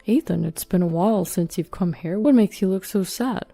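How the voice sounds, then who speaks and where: A woman's voice: medium pitch, normal speed, vocal fry, soft background music. A woman voicing a kind, encouraging older man who acts as a mentor. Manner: gentle, encouraging.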